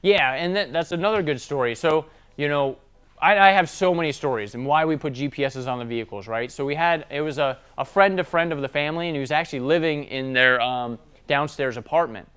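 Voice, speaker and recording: A man's voice: fairly high pitch, brisk, a bit bright, smooth. A man giving a casual sales training talk, telling stories and often checking in with tag questions. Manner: conversational storytelling, tag questions.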